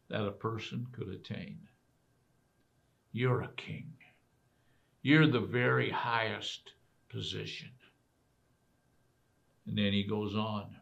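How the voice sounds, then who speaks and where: Slow, low male pastor, gravelly; emphatic sermon delivery, muffled lo-fi audio. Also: fairly bright tone. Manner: emphatic preaching with rhetorical questions. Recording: dull lo-fi recording.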